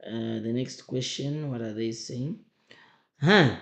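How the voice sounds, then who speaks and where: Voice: mid-range voice, takes it slowly, gravelly. A teacher going through exam questions, emphatic and often repeating questions back to the class. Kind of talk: exam revision lesson. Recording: roomy echo.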